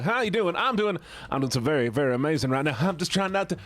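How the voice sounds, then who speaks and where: A man's voice: fairly high pitch, a little fast, dry recording. A male streamer doing live gameplay commentary, chatting with viewers and yelping when things go wrong. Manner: excitable, yelps when frustrated, chats with viewers.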